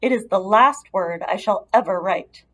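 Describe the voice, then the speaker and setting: A woman voicing a calm, kind female spider, speaking softly and measuredly in a storybook reading. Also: medium pitch, natural voice. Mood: hopeful. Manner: soft, measured, soothing.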